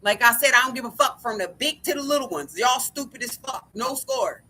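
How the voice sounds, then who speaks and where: High, sharp-voiced woman ranting angrily. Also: animated, brisk, breathy edge. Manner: angry, profane, keeps repeating "like I said". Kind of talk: ranting monologue to camera.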